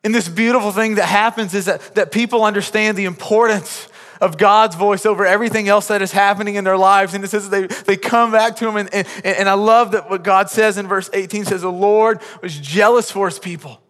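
An earnest male pastor preaches to his congregation, pleading and repeating phrases as he presses each point home. His voice sits a little high for a man. The sound rings out with the long reverb of a large church hall. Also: steady tone, fairly quick, fairly bright tone. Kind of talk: sermon.

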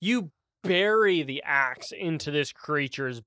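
Game master, unhurried narration, full of fillers and chuckles, dry and close mic. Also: mid-range voice, expressive, pushed and bright, no echo.

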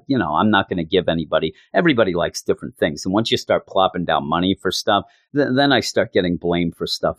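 A man's voice: lowish voice, no echo, clean studio sound. Rambling, chatty man reviewing comics. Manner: rambling, chatty, self-mocking. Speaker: podcast host reviewing comics. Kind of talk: casual review chat.

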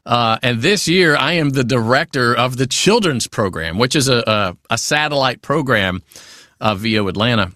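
A man, a voice actor guest in a casual interview, giving advice in a chatty, animated way with many asides. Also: medium pitch, moderate pace, no echo, clean studio sound.

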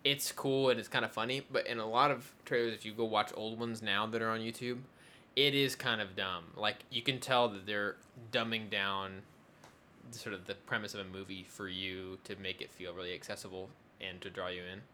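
Young adult man, casual chat, low voice, crisp forceful tone, rambling with fillers. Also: steady tone, moderate pace, a little hiss or hum. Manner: rambling, many fillers and restarts.

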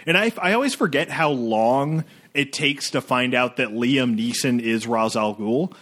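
A man's voice: medium pitch, measured pace, fairly bright tone. A man in casual chat about films, rambling, swearing freely and now and then mimicking lines from movies.

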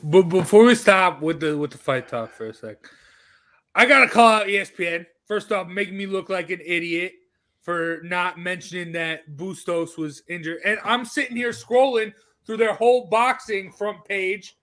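A man's voice: high voice, moderate pace, fairly bright tone. A man co-hosting a casual sports chat, ranting with exasperated complaints. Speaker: podcast co-host.

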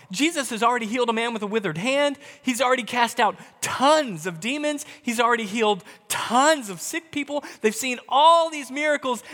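A male pastor preaching a sermon with dramatic delivery, swinging between loud and hushed. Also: very high voice, big-room sound.

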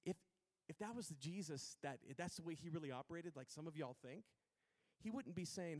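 Male pastor, slightly high voice, laid-back sermon delivery with big swings from soft to loud, prompts the congregation to repeat after him. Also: expressive, moderate pace. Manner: swings between hushed intimacy and loud emphatic preaching; calls on the congregation to repeat words.

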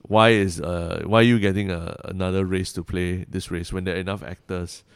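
A young man with a Singaporean English accent, co-hosting a casual podcast discussion in a measured, thoughtful way. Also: low voice, flat delivery, clear, resonant tone, no room sound. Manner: measured, thoughtful, many restarts. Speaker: podcast co-host.

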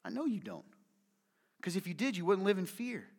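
A man preaching a sermon to his congregation, animated and joking, often asking the room questions. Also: high-pitched, brisk, vocal fry, slightly rough, big-room sound. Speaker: pastor. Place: church hall with an audience.

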